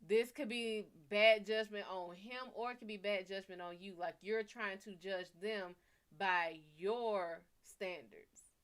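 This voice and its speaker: A woman's voice: medium pitch, fairly even intonation, a little slow, a bit bright, clean tone. A woman reading tarot cards live for her viewers. She talks in a casual, blunt way and swears freely. She reads out each viewer's name and question before she answers. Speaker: tarot reader.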